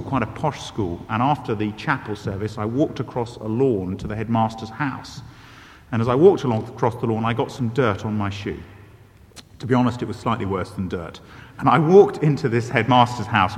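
A man preaching a sermon, telling self-deprecating stories with lively animation. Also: mid-range voice. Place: church. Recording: reverberant church hall.

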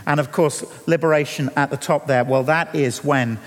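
A slightly high-voiced man preaching in earnest, stumbling over restarts as he presses his point. His words ring out through a church hall with a long, lingering reverb. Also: steady tone. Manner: earnest, halting with repeated restarts. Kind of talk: sermon.

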